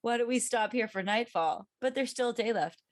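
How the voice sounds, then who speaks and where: A woman's voice: a little high, brisk, no echo, clean studio sound. A woman co-hosting a podcast in casual chat, wry and teasing. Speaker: podcast co-host.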